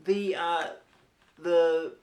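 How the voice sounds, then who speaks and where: Man podcast co-host, slightly high voice, hesitant and rambling, echoey room. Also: steady tone, extremely slow, darkish tone. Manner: rambling, hesitant, full of restarts. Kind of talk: casual chat.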